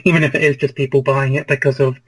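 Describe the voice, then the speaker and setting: A man's voice: medium pitch, little pitch movement, fast, breathy edge, no room sound, rough recording. Laid-back man with a dry, close sound. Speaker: podcast regular. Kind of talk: casual podcast chat.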